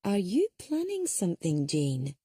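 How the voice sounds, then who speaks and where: A woman's voice: fairly low pitch, wildly swooping pitch, a little slow, mellow, husky, no room sound, clean studio sound, full character voice. A woman voicing a forthright older woman who speaks bluntly and emphatically, with some impatience. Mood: indignant.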